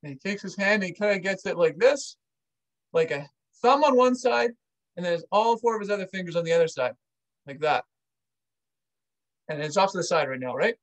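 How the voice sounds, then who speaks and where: A man's voice: high-pitched, expressive, brisk, long pauses, low-quality recording. A man, an army veteran, casually telling a personal story to camera and acting out the dialogue with animation.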